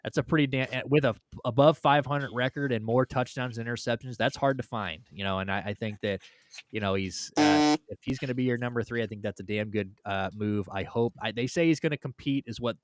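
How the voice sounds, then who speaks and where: A man's voice: medium pitch, brisk, dry recording, studio quality. A man hosting a casual sports talk livestream, rambling and swearing, often ranting heatedly. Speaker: host.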